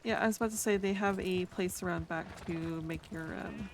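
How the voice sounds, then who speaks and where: A woman voicing an easygoing city girl from the East in a frontier-era roleplay chat, agreeable and relaxed in her replies. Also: on the low side, moderate pace, slight background noise, close to an everyday voice.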